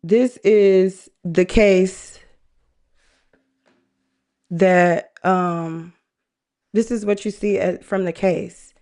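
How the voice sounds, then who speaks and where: A woman's voice: medium pitch, fairly even intonation, extremely slow, long pauses, a little mellow. A woman hosting a true crime live stream, talking earnestly and chattily straight to her viewers. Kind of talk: casual live-stream commentary.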